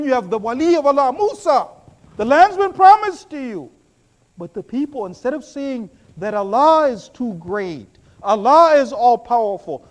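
A male preacher with a strikingly high voice delivers a sermon. His pitch swoops widely as he shifts from loud, excited bursts to low, hushed asides. The telling is animated and story-driven.

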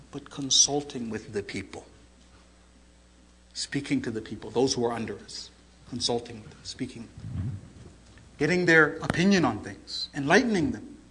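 A man delivering a storytelling sermon, animated and acting out the voices in his story. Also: mid-range voice, slight background noise, poor audio. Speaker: preacher.

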